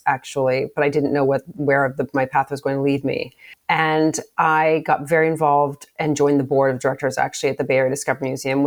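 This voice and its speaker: Low-voiced woman, measured interview answers. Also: a little mellow. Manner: measured, thoughtful, with frequent restarts. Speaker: podcast guest, former museum CEO.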